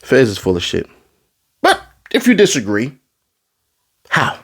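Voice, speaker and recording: A man doing a casual commentary rant, full of street slang, who swings from low asides into high, exasperated outbursts. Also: huge pitch swings, unhurried, a bit bright, breathy edge. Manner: street slang, addresses the audience as bro. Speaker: commentary vlogger.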